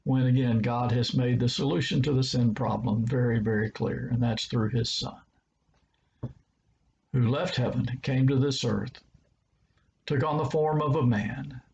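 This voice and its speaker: A man's voice: medium pitch, steady tone, unhurried, gravelly, darkish tone, a little hiss or hum. Man, Southern accent, preacher, earnest devotional talk, repeats words for emphasis, muffled recording. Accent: Southern American.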